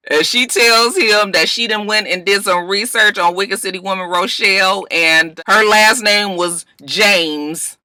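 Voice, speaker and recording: An animated woman recaps a TV show episode with plenty of sass, jumping into voices for the characters. Her tone is very bright and sharp, recorded close and dry with no room sound. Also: mid-range voice, dry recording. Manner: animated, sassy, acts out scenes in voices. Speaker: TV recap vlogger.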